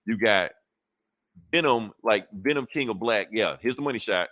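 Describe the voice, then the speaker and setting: A man's voice: fairly low pitch, lively intonation, normal speed, fairly bright tone, no room sound, studio quality. A man hosting a podcast, casually recapping a comic book storyline in a rambling, profane way with lots of fillers and restarts. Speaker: podcast host.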